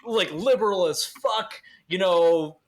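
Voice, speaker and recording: A man's voice: high voice, slow pace, a little hiss or hum. A man hosting a podcast, ranting in a joking, profane way in casual chat. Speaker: podcast host.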